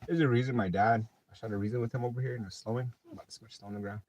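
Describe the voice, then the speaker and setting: A middle-aged man hosts a casual late-night livestream chat, telling rambling stories and cursing freely. His mid-range, darkish voice holds a steady tone and comes rapid-fire, with a little hiss or hum in the recording.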